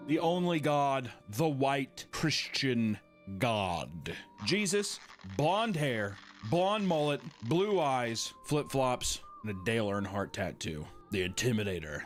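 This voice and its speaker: A man's voice: medium pitch, very animated, slow. A man narrating a scripted commentary video in a jokey manner with playful asides. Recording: music bed under the voice.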